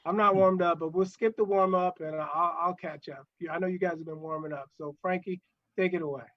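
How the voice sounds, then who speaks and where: A man's voice: sits high, steady tone, brisk, muffled recording. A man hosting a live online show, chatting casually and hesitantly, often restarting his sentences. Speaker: show host.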